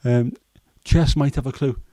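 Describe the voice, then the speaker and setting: A man in his fifties with a Scouse accent and a hoarse throat, hosting a casual chat livestream in a rambling, jokey way with many fillers. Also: medium pitch, steady tone, measured pace, mellow, dry recording. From Liverpool, England. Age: 50s. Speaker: livestream host.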